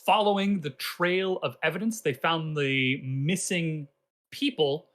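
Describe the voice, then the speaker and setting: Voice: mid-range voice, a little slow. Playful dungeon master chatting before a game. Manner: playful, excitable, talks over others. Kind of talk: casual chat before a tabletop game.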